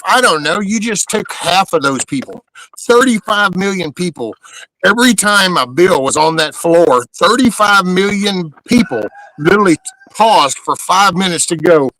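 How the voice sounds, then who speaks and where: An American man hosting a casual chat, ranting in an animated way and swearing casually. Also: a little high, a little hiss or hum, rough recording. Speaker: podcast host.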